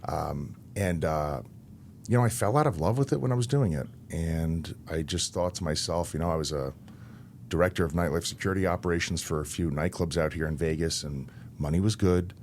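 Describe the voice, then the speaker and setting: A man in his thirties, a wrestler and interview guest, telling stories in a relaxed, anecdotal way with laughs between lines. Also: deep voice, a little fast, a little hiss or hum. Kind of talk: casual interview storytelling.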